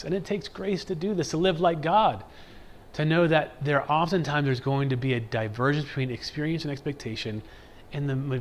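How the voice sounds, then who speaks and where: Man, mid-range voice, casual catechism teacher, animated and chatty. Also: medium pitch, slight background noise. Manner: animated, keeps asking "right?"; acts out everyday reactions in quotes. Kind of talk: conversational religious class lecture.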